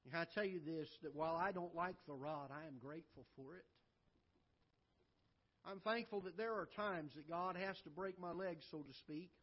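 A man preaching a sermon as pastor, swinging from loud emphatic lines to soft low asides. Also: normal speed, breathy edge, muffled recording. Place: church auditorium.

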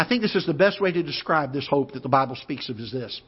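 A man in his fifties with a Midwestern American accent, preaching a sermon and telling a personal story in an earnest way, with pauses and restarts. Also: medium pitch, expressive, breathy edge. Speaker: pastor. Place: church auditorium. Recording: muffled church broadcast audio.

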